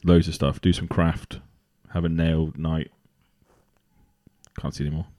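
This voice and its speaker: A man's voice: very deep voice, little pitch movement, unhurried, mellow. A man, chatting casually as a podcast co-host and rambling with fillers. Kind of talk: casual chat.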